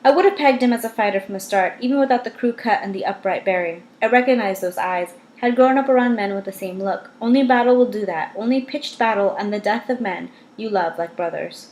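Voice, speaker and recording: Woman reading a novel, measured, wry asides, mid-pitched, echoey room. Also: darkish tone. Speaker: audiobook reader. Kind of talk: first-person novel narration. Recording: roomy echo.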